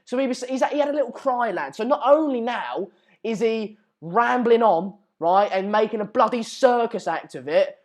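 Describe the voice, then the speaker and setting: A young man hosting a football channel, reacting live to transfer news in an excitable, ranting and mocking way. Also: extremely high pitch.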